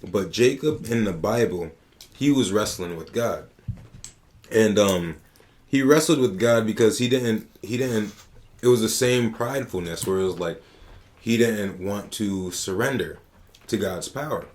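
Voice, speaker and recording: A man hosting a casual podcast who tells stories in an animated, slangy way, with lots of profanity. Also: fairly low pitch, measured pace. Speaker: podcast host.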